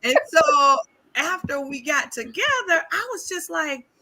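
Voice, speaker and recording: A woman's voice: very high-pitched, normal speed, noisy background. A woman chatting casually on a podcast, telling a story with lots of laughter and acting out the people in it. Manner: animated storyteller, acts out quotes, laughs often. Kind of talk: casual chat.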